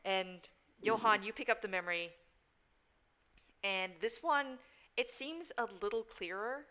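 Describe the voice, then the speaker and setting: Bright-voiced woman running a tabletop game. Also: medium pitch, a little slow. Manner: animated, playful narration. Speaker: game master.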